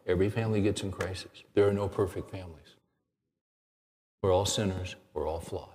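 A middle-aged man preaching a sermon as a pastor, telling stories earnestly and dropping to a hushed tone at times. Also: deep voice, fast, long reverb tail. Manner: earnest storytelling, drops to a hushed tone.

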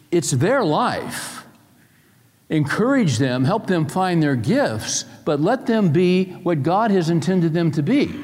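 A middle-aged man preaching a sermon to a room full of people, moving between emphatic points and quiet personal stories. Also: high-pitched. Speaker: pastor. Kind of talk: sermon to a live audience. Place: large room with an audience. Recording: long hall reverb.

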